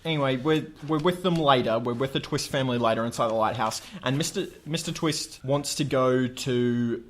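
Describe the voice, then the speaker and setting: A man's voice: mid-range voice, normal speed, slight background noise. A man co-hosting a podcast, recounting the plot step by step with dry understatement in casual chat. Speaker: podcast co-host. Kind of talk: casual episode recap chat.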